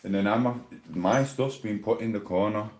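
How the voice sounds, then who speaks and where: A man's voice: on the low side, normal speed, darkish tone, a little hiss or hum. A man on a casual live stream at home, rambling and complaining in an exasperated way, talking into a phone.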